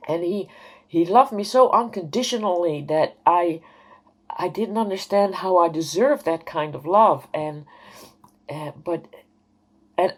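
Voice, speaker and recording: A woman's voice: on the low side, measured pace. A woman in her fifties telling a personal story to camera, hesitant and rambling, with many fillers. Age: 50s. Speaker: vlogger.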